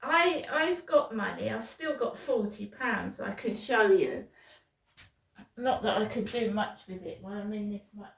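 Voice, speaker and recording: A middle-aged British woman in pain rambles through a profane vlog monologue full of restarts. Her voice is gravelly, slightly high, and slow. She sits away from the mic in an echoey room. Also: far from the mic, a little hiss or hum. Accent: British English. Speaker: vlogger.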